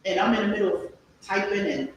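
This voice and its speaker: A woman guest talking reflectively in a relaxed conversation, telling stories from her own life. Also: medium pitch, fast, a little hiss or hum. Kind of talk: casual live-stream conversation. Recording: echoey room, voice from far off.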